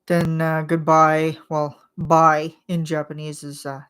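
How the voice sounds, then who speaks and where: A woman chatting casually to her channel in a lowish voice. She talks slowly and rambles, with plenty of filler words and quick laughs. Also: level tone, a bit bright, clean tone. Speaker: channel host. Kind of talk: casual monthly chat vlog.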